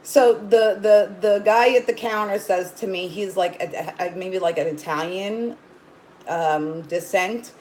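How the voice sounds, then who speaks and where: A woman's voice: mid-range voice, a little slow, darkish tone, slight background noise, low-quality recording. A woman hosting a casual livestream, rambling as she greets viewers by name and coos at her dog. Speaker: livestream host.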